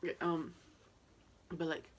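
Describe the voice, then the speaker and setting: A young vlogger tells a story in a casual vlog, excitable and chatty, swearing freely and using lots of fillers. Her voice sits low, and she speaks slowly.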